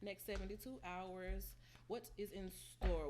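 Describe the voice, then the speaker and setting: A woman's voice: on the low side, fairly even intonation, moderate pace, noisy background. A woman giving a casual tarot reading, teasing and blunt, with plenty of slang and frequent laughter. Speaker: tarot reader.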